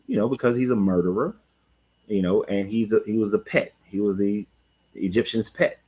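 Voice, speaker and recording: A man's voice: on the low side, moderate pace, darkish tone, slightly rough. A man hosting a live stream, reading scripture and commenting on it in a loose, rambling way, breaking off to greet viewers by name. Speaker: spiritual coach and host.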